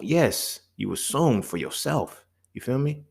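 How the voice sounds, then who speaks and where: A man's voice: mid-range voice, sing-song, measured pace, vocal fry, breathy edge. A man in his thirties hosting a solo talk show, speaking in a loose, slangy, profane way and acting out back-and-forth dialogue. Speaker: podcast host. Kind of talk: casual monologue.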